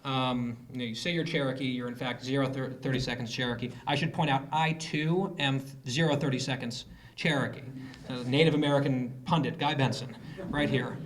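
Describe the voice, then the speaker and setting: A man's voice: medium pitch, fairly even intonation, brisk. A man giving a political speech to a live audience, telling a story with sarcasm and mocking quoted voices. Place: conference hall.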